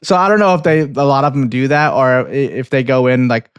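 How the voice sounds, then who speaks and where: A man's voice: mid-range voice, lively intonation, fairly quick, clear, resonant tone, no echo. A man co-hosting a casual movie podcast, laid-back and rambling, with lots of "yeah" and "like". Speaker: podcast co-host.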